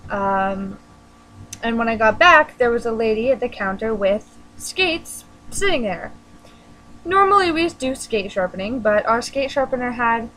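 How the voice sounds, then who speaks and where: Teen girl vlogger, chatty and self-deprecating, bright youthful pitch. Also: slight background noise, poor audio. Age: teens. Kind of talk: casual storytelling vlog.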